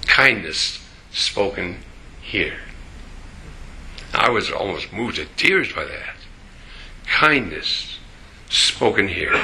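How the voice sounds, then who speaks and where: Slow, gravelly older preacher. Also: male voice, medium pitch, bright, forceful tone, slight background noise. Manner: slow, emphatic preaching with dramatic pauses. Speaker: pastor. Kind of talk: sermon.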